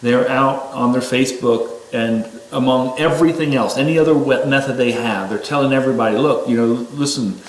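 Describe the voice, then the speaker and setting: A man giving an informal sermon-style talk, rising sharply in pitch when he exhorts his listeners. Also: a little fast, hardly any pauses, reverberant, low-quality recording.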